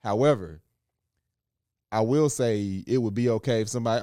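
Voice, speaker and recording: A man's voice: fairly low pitch, normal speed, mellow, smooth, no echo, studio quality. Laid-back man chatting on a podcast. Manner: laid-back, laughs while acting out quotes. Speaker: podcast co-host. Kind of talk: casual chat.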